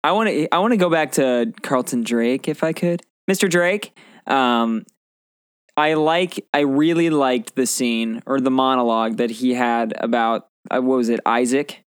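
A man's voice: medium pitch, a little slow, smooth, no echo, clean studio sound. A man co-hosting a casual movie chat, joking, laughing often and acting out lines from the film. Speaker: podcast co-host.

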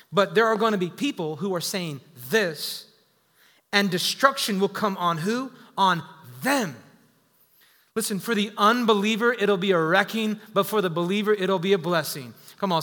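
Man, 30s, pastor, sermon, high bright voice, echoey church hall. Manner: energetic, jokey, calls for congregation responses. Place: church sanctuary.

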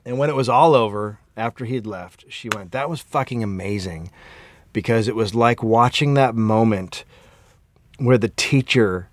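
A man co-hosting a podcast, telling stories in profane, animated casual chat. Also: mid-range voice, normal speed. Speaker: podcast co-host.

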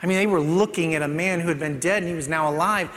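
A man's voice: fairly high pitch, quick pace. Man preaching in a reverberant hall. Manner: conversational preaching, dropping to soft hushed tones for emphasis. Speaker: pastor. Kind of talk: sermon. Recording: long reverb of a large hall.

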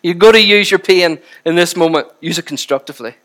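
A man preaching a sermon with impassioned, animated emphasis. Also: sits high, a little fast.

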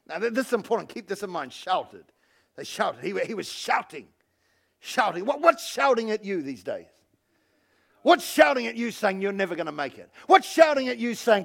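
A male pastor giving an animated sermon and calling on the congregation to respond. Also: high voice, normal speed, creaky. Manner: animated preaching, calls on the congregation.

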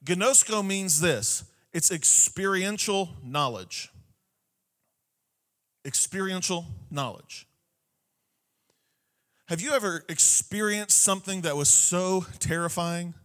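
A man with a notably high voice delivers a sermon from the pulpit. He preaches with emphatic repetition and keeps turning to his listeners with "Amen?" to bring them along. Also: slow pace, pauses often, fairly bright tone. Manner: preaching with repeated phrases and frequent "Amen?" to the congregation. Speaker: pastor.

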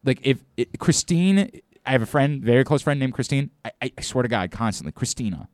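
A man's voice: medium pitch, a little fast, darkish tone, dry recording, studio quality. A man hosting a sports radio show, talking emphatically and often stumbling over and repeating his words. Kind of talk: casual sports talk.

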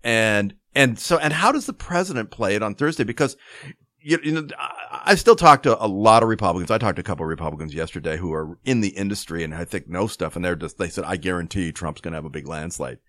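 A man co-hosting a podcast, arguing political points in halting restarts. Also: fairly low pitch, animated, fairly bright tone, dry recording. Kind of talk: casual political chat.

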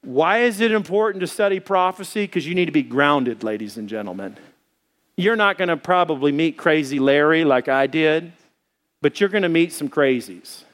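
A male preacher with a fairly high voice tells a story to his congregation. He speaks in a loose, colloquial way and stays animated as he moves into teaching. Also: normal speed. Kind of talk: storytelling sermon.

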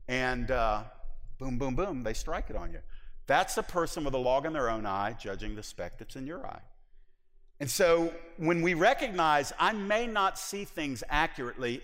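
Animated male pastor preaching in a hall. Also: mid-range voice. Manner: animated, conversational preaching with acted-out asides. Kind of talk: sermon.

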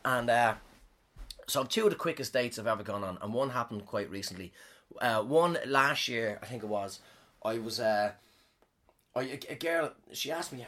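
A comedian and podcast host with a mid-range, slightly bright voice tells a rambling story casually at normal speed. He swears a lot and frequently trails off before starting again.

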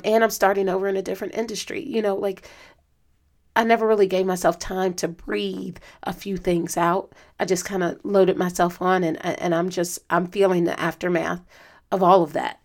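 A woman hosting a solo podcast in a casual, reflective way, speaking earnestly with many fillers, her voice strained from lost sleep. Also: lowish voice. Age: adult student. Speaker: podcast host.

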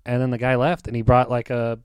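Man, mid-pitched, dry-humored joker, casual podcast chat, dry sound. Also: monotone, fairly quick, clear, resonant tone, no room sound. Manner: dry joking, wisecracking.

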